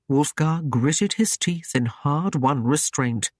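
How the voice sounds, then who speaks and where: A man narrating a historical romance audiobook in a measured, even storytelling manner. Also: mid-range voice, no room sound, studio quality. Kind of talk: scripted narration.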